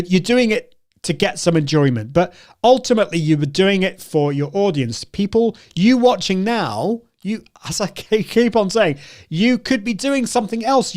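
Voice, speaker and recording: A man hosts a live video show, chatting to his viewers in a high-pitched, slightly mellow voice. He often corrects himself and laughs as he talks on the stream.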